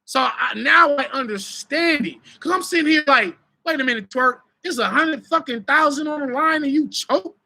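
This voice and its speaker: Animated bright-voiced man telling stories. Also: extremely high pitch, moderate pace, creaky, hardly any pauses. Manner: animated, profane, laughing storytelling. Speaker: battle rapper and host. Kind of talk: live stream casual talk.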